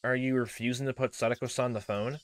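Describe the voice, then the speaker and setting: A man voicing a courteous, persistent child welfare official on the phone, formal and steady. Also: medium pitch, fast talker, no room sound, lightly acted.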